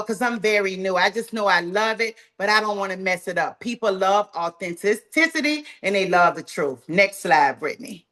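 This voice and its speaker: A woman with a Southern US drawl, running a live sales training call in a folksy, energetic, encouraging way. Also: medium pitch, normal speed, few pauses. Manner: folksy, talks straight to the group, says "y'all" often.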